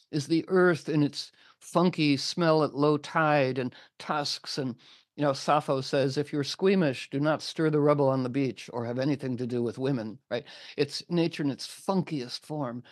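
A man's voice: fairly high pitch, normal speed, dry recording, studio quality. A man casually retelling an old legend, acting out the characters' lines in between filler words. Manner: animated, acts out quotes with filler words.

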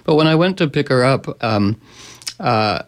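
A man hosts a radio talk show in a relaxed, rambling way. He wanders through anecdotes, restarts often, and slips into playful little voices when he quotes his pets. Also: mid-range voice, a little slow. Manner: rambling, animated storytelling with playful voices for animals. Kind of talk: casual radio interview chat.

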